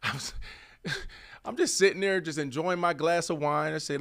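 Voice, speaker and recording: Speaking at normal speed in a slightly high voice, a thirtysomething man who used to play wide receiver co-hosts a sports program. He's animated and emphatic in the casual back-and-forth, repeating himself as he argues.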